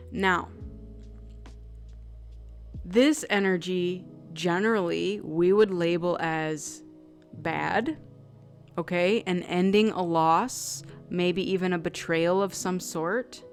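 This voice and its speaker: Woman tarot reader, unhurried, effusive, mid-pitched, faint background music. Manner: effusive and emotional, many "like" fillers. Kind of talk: intuitive tarot reading vlog.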